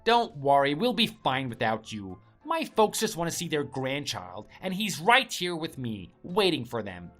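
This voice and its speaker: A woman's voice: low-pitched, sing-song, a little slow, hardly any pauses, a bit bright, soft background music, full character voice. A woman voicing an arrogant, contemptuous young husband who sneers and scolds his wife. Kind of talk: story drama voice acting.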